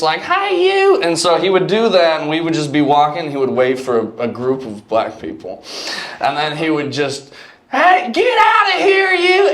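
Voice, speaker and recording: A man in his twenties from Cleveland doing a loose, chatty stand-up set and talking with the audience. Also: fairly high pitch. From Cleveland, Ohio. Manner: loose, conversational, chats with the audience. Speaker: stand-up comedian. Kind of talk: stand-up set with crowd work. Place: comedy club. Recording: echoey club room, loud crowd noise.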